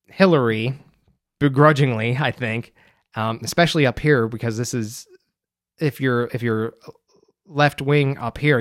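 With a medium pitch and a fairly bright tone, a young American man hosts a solo podcast, talking loosely and rambling with frequent fillers. The recording is dry and studio quality.

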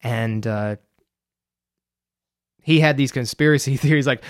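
Pausing often, a young American podcast host rambles through a casual solo monologue, chatty and full of fillers. His pitch is medium and his pace moderate. The studio sound is clean, without echo.

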